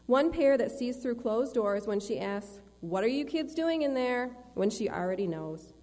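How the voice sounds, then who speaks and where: A woman's voice: on the high side, expressive, normal speed, warm tone, close to an everyday voice. A woman reading aloud the lines of God as a tireless male creator, in a reverberant church hall. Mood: earnest. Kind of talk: read-aloud church storytelling.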